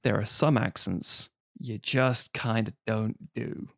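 A man's voice: fairly low pitch, slow, vocal fry. A man co-hosting a casual podcast, stammering into his points and swearing now and then. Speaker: podcast co-host. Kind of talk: casual chat.

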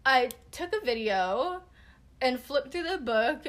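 A young woman casually telling a personal story, animated and swearing freely, laughing as she goes. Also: high voice, slow, noisy background. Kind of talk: casual podcast chat.

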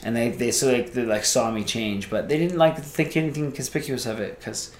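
A man telling a casual story as a podcast guest, rambling and animated, acting out the voices of people he quotes. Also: medium pitch, brisk, roomy sound, slight background noise.

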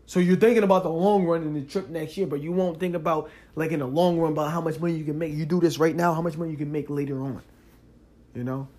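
Young guy w/ aave talking straight at you on his podcast, kinda high voice, gets loud n heated. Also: fast. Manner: animated, talks straight to the listener, rising loud when worked up. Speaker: podcast host. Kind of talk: casual monologue.

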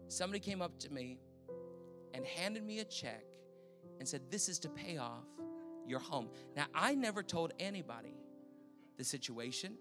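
A high-pitched Canadian man gives a sermon testimony, telling the story with animated energy and acting out the voices of people he quotes. Music plays clearly under his voice throughout. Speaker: preacher.

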